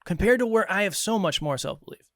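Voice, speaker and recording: Speaking quickly in a high-sitting voice, this podcast co-host, a young Massachusetts man, spins a story in relaxed conversation and performs each line of dialogue with lively flair. The sound is clean studio audio with no room noise.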